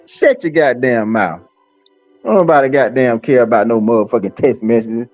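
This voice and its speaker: A man's voice: medium pitch, expressive, moderate pace, a little mellow, dry recording, soft background music. Man, rambling profane stream rant, fillers galore; dry, dull lo-fi audio. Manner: cursing, taunting, rambling with many fillers. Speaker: livestream host.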